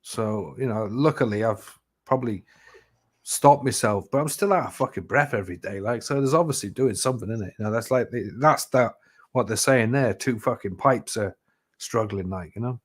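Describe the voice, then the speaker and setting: A man's voice: lowish voice, moderate pace, slightly rough. Rambling, swearing man. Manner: rambling, swears a lot, fillers like "you know". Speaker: live chat host. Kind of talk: casual chat.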